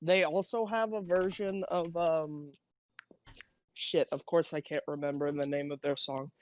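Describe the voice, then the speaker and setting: A man co-hosting a casual music podcast, swearing freely and telling animated stories. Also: a little high, a little slow. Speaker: podcast co-host. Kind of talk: casual chat.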